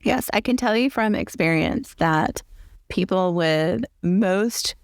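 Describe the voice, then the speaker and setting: A woman's voice: fairly low pitch, slow pace, dry recording, studio quality. A woman from the American South with a Southern accent, hosting a podcast interview and chatting casually. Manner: chatty, thinks aloud with restarts. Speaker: podcast host.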